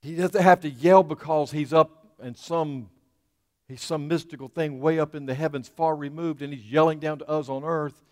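A man preaching a sermon, moving between loud declaiming and hushed whispers. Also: fairly high pitch, fairly even intonation, normal speed, no echo, studio quality, in a large hall. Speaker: pastor.

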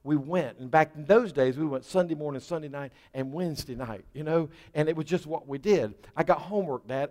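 Folksy pastor preaching in a reverberant church. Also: male voice, fairly high pitch. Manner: folksy, conversational, grows fervent and louder in prayer. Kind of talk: sermon. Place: church sanctuary.

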